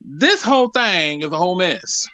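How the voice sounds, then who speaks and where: A man's voice: high voice, big pitch swings, normal speed, pushed and bright, no room sound. A man in his forties calling into a live show, talking casually and animatedly with laughs. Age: 40s. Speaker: caller. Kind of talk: casual chat.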